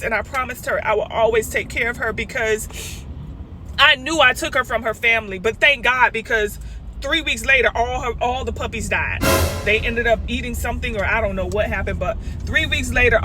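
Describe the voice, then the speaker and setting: A woman's voice: medium pitch, a bit bright, slight background noise, rough recording. A woman vlogger talking straight to her viewers from her car, close to tears, calling them "y'all" and leaning on lots of "you know" fillers. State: tearful, on the verge of crying. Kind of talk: emotional vlog talk to camera. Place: in a car at a car dealership service lane, early morning.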